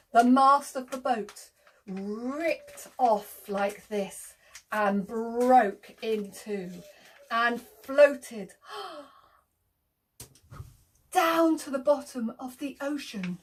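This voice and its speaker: A woman telling an interactive children's story, animated, gasping often, making sound effects and inviting the children to join in. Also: a little high.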